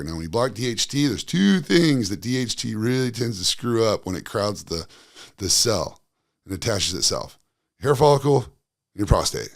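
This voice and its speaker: A man's voice: sits low, dry recording, clean studio sound. A man giving a blunt, casual monologue as a wellness coach, swearing freely and talking in a loose, conversational way.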